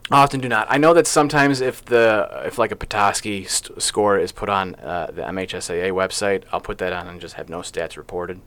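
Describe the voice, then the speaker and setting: A man's voice: low-pitched, a little fast, few pauses, a bit bright. A man co-hosting a local sports podcast in casual chat, rambling and playful as he talks through his picks. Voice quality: chatty, rambling, playful about names. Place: small podcast studio.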